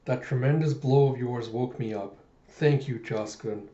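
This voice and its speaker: A man voicing a young female cyborg warrior in a quiet, subdued tone close to his own. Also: mid-range voice, a little slow, natural voice. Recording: muffled, echoey room.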